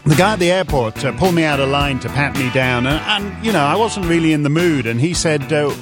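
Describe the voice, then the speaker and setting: A man's voice: on the high side, big pitch swings, fairly quick, few pauses, music in the background. A man speaking in a combative, sardonic and mocking way, pressing his point insistently. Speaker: commentator and speaker. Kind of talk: combative debate and stand-up style speech.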